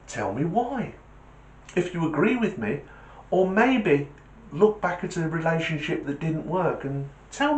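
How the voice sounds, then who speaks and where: A man's voice: on the high side, darkish tone. A man hosting his own channel, talking casually to camera and telling a joke. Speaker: channel host. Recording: echoey room.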